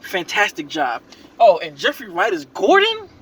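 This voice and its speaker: A man giving an excited, rambling reaction review of a movie he just saw, full of slang and restarts. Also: high voice, moderate pace, breathy edge.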